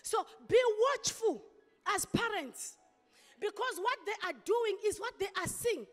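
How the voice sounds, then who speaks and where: A woman pastor delivering an impassioned sermon, with sudden loud outbursts. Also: very high-pitched, animated, unhurried, soft background music. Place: church hall. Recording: long hall reverb.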